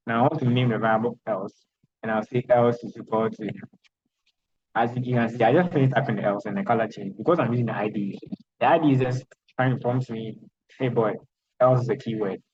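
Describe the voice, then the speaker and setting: A man with a Ghanaian accent teaching programming in an online lecture, talking in a halting way with many restarts and repeated words. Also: mid-range voice, darkish tone, slight background noise. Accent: Ghanaian English. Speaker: programming instructor. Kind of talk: online lecture with screen sharing. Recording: dull lo-fi online call audio.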